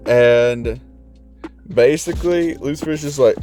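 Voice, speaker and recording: A young man casually telling a fan-made story, in a loose, slangy style with swearing and quick voiced asides. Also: mid-range voice, lively intonation, mellow, soft background music.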